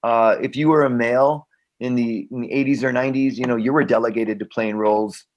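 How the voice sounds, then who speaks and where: A man's voice: mid-range voice, fairly quick, dull audio, slight background noise. A middle-aged man, an actor and guest, telling stories in casual conversation with frequent restarts and acted-out dialogue. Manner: animated, repeats himself, acts out quoted dialogue. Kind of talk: conversational storytelling.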